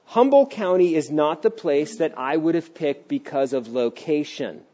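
A middle-aged man preaching a sermon as pastor of a church, animated and acting out little voices, sometimes dropping to a hushed tone. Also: fairly high pitch, moderate pace. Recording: dull lo-fi sound.

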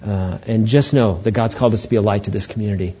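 A man's voice: on the low side, steady tone, fast talker, dark tone, slight background noise. A male pastor giving a conversational sermon to his church, with joking asides to the congregation. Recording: dull lo-fi recording.

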